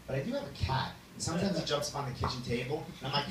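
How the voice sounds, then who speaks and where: A man's voice: mid-range voice, rapid-fire. Man doing stand-up in an echoey club. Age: 30s. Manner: self-deprecating, laughs at his own jokes. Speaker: stand-up comedian. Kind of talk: stand-up set. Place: small club stage with audience. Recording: echoey room from a distance, loud noise.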